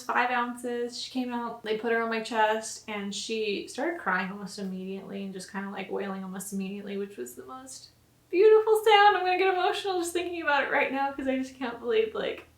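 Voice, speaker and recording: A young woman vlogger casually retelling a personal story to camera, chatty and full of "like" fillers. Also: on the high side. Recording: roomy echo.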